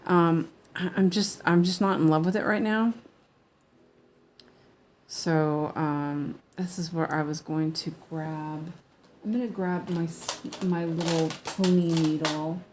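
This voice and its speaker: A woman talks through her stitching in a casual, unhurried way. Her voice sits fairly low and her pace is very slow. She mutters half-sentences to herself and laughs at her slips. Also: steady tone, darkish tone, a little hiss or hum. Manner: chatty, mumbling to herself while working, laughs often. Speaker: cross-stitch crafter. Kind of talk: casual stitch-along chat.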